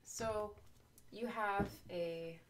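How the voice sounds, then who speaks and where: A woman's voice: medium pitch, fairly even intonation, very slow, a little hiss or hum. A young woman chatting on a live stream, giggly, reading questions aloud. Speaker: co-host. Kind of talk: casual live-stream chat.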